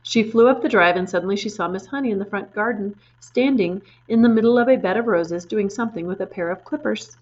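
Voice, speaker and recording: A woman reading a children's storybook aloud in an expressive way, pointing out the pictures as she goes. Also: medium pitch, brisk, hardly any pauses, muffled recording, a little hiss or hum.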